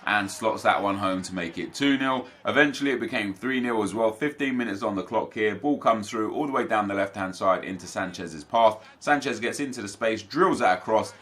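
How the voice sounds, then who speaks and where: Bright-voiced young gaming commentator. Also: male voice, fairly low pitch, a little fast, few pauses. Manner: chatty, upbeat, recapping matches to viewers. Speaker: gaming YouTuber. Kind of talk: casual gameplay commentary.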